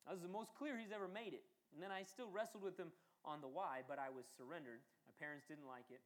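A man preaching a sermon and telling a personal testimony, who swings from quiet and low to loud and high when he acts out his younger self. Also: quick pace.

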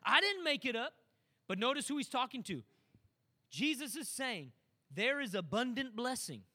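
A man preaches with a high, bright voice that leaps and dips all over the place. He drops into quiet asides, then climbs to loud, ringing shouts as he drives his point home. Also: very animated, moderate pace. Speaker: pastor. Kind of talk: sermon.

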